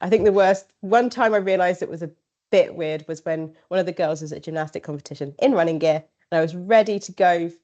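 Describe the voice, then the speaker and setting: A woman's voice: fairly low pitch, fast talker, dark tone, highs cut off. A woman guest on a running podcast, chatting casually and acting out conversations she has had. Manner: chatty, acts out quoted exchanges, laughs often. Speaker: ultrarunner guest.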